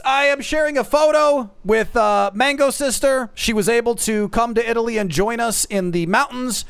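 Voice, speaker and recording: A man's voice: very high voice, normal speed, gravelly, few pauses, clear, resonant tone, no room sound. A man streaming, chatting casually and self-deprecatingly, calling his viewers folks. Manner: animated, self-deprecating, addresses chat as folks. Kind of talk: casual chat.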